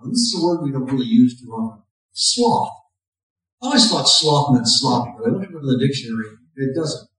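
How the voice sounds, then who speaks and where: A man preaching a sermon, telling stories with folksy, self-mocking humor and pushing up his voice on the punch lines. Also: medium pitch. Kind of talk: sermon with storytelling. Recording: very echoey, from a distant mic.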